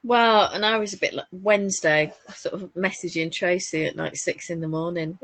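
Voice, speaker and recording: Chatty Northern English woman, low voice. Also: fairly even intonation, moderate pace, no echo. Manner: chatty, warm anecdotes with frequent laughs. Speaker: podcast co-host. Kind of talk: casual chat.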